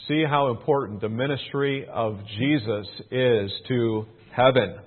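A man preaching a sermon in a measured way, repeating key phrases for emphasis. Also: medium pitch. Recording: phone-like narrow band.

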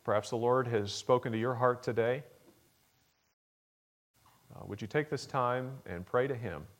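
A man's voice: unhurried, muffled recording. Earnest male pastor preaching. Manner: earnest, builds to emphatic peaks then drops low and soft; acts out a child's pleading voice in a story. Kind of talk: sermon.

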